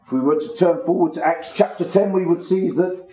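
Man preaching, warm echoey voice. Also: sits high, slight background noise. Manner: measured, explanatory, stresses key words. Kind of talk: Bible teaching to a small congregation. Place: room with a small gathering. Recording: echoey room.

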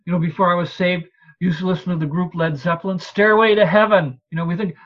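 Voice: mid-range voice, fairly even intonation, quick pace. A preacher giving an expository evening sermon in a conversational way, reading scripture aloud and asking the listeners rhetorical questions. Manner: reads and explains scripture aloud. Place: evening church service. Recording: slightly dull lo-fi recording.

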